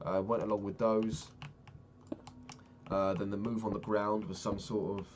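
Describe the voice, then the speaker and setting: Chatting casually as he games, a young vlogger rambles through a story and swears freely. He speaks on the low side and a little slowly, with little pitch movement, over background noise, keyboard clicks and typing.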